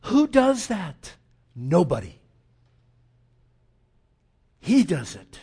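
A middle-aged man preaching a sermon as pastor, impassioned, swinging between loud urging and hushed intensity. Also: sits high, huge pitch swings, very slow, slightly rough.

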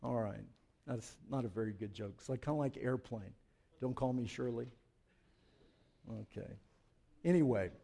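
A man preaching a sermon as pastor, swinging from loud, emphatic passages to quiet joking asides. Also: mid-range voice, normal speed, vocal fry, long pauses. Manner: joking, conversational.

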